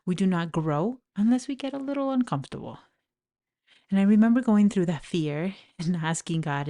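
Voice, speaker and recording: Woman w an accent doing her coaching podcast, lowish warm voice, earnest and encouraging, standing at a mic in her office. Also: expressive, moderate pace. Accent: non-native English accent. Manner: earnest, encouraging, personal storytelling. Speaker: podcast host and life coach. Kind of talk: reflective podcast monologue. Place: home office. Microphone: studio mic, standing.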